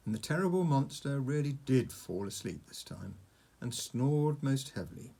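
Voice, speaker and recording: Husky man reading a storybook. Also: medium pitch, very animated, moderate pace, dark tone. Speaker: audiobook narrator. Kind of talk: audiobook narration.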